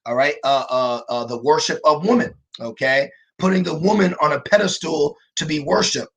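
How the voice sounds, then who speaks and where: A man's voice: a little high, normal speed, a bit bright, slightly rough. A man giving a livestreamed scripture lesson from his computer, hesitating often with fillers and checking in with listeners. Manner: frequent "okay" and "all right" check-ins with listeners. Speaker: religious teacher.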